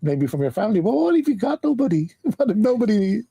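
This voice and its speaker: A hoarse man with a cold chatting casually on a panel stream, joking and clearing his throat often. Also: sits high, big pitch swings, fast, over a noisy crowd. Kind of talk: casual chat.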